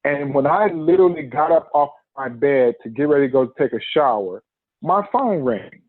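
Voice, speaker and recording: A man spins a personal story in a podcast interview, jumping into voices for the people he quotes and laughing along the way. His voice sits a bit high for a man. The sound is narrow and phone-like, with a dry, close feel. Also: normal speed, dry recording. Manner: animated storyteller who acts out quotes and laughs often. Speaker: podcast guest.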